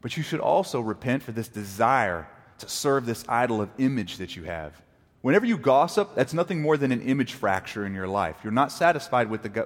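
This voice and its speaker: A man preaching a sermon as pastor, animated, acting out quoted apologies and arguments. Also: mid-range voice. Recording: long reverb of a large hall.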